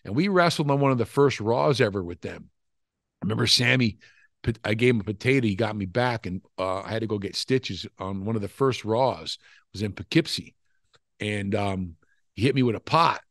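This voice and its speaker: Older man, gravelly voice, profane rambling storyteller, dry close mic. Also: fairly low pitch, normal speed, a bit bright, no echo. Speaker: wrestling interview guest. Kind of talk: casual storytelling.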